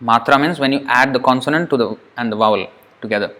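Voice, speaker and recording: A man's voice: mid-range voice, quick pace, fairly bright tone. A man teaching Sanskrit pronunciation in a recorded lesson, demonstrating each syllable aloud and repeating it patiently.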